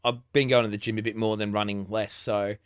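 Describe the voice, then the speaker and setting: Brief: Australian guest in his forties, lowish voice, chatty and quick to laugh, dry close sound. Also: little pitch movement, smooth, no echo. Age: 40s. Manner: chatty, laughs often, many restarts. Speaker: podcast guest. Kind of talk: casual conversation.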